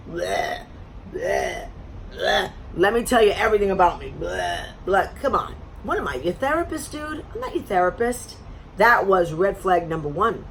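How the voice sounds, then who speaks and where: A woman's voice: mid-range voice, a little hiss or hum. A middle-aged woman from Florida telling a dating story in an exasperated, sarcastic casual rant. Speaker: vlogger.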